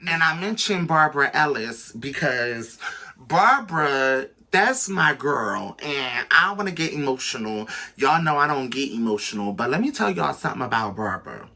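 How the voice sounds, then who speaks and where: A man telling a personal story to his viewers in a casual, animated, slangy way, speaking straight to the audience. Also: medium pitch, moderate pace. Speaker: storytelling vlogger.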